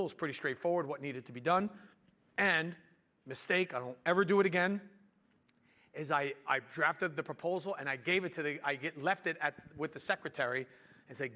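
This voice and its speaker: An animated man tells a business story, acting out the quotes as he goes. His voice sits high for a man, and he speaks like a business owner addressing an audience.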